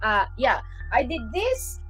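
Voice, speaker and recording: A woman's voice: fairly high pitch, huge pitch swings, slow, fairly bright tone, faint music behind. A woman hosting a live art stream, chatting casually and rambling cheerfully into a computer microphone.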